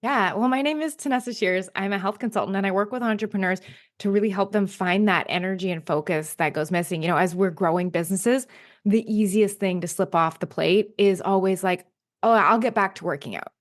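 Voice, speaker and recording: A woman's voice: mid-range voice, fairly quick. A woman guesting on a podcast as a health consultant, speaking in an upbeat, friendly way and explaining plainly. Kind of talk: casual podcast interview.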